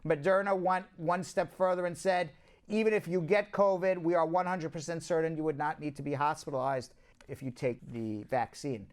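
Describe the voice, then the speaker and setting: A man's voice: fairly high pitch, steady tone, normal speed, smooth. A man with a Long Island accent hosting a casual news rundown, chatty and prone to asides to his co-hosts. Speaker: host, immigration news show.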